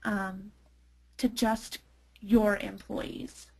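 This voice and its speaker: A woman's voice: mid-range voice, level tone, extremely slow, creaky, a little mellow, breathy edge, low-quality recording. A woman presenting a webinar product demo as a marketer, chatty, with many fillers and restarts.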